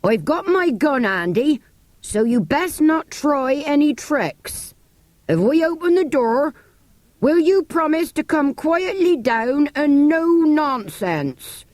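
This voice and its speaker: A gruff, stern keeper, put on by a woman reading a storybook, talking slowly and warning. Heard from an old cassette tape, dry and close. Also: high-pitched, very animated, darkish tone, no echo, pitched above the performer's own voice, full character voice. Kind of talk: audiobook reading.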